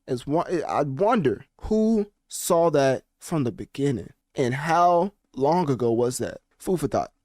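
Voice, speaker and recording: A man hosting a casual commentary video, talking in an animated, slangy and rambling way. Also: mid-range voice, dry recording, clean studio sound. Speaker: commentary channel host.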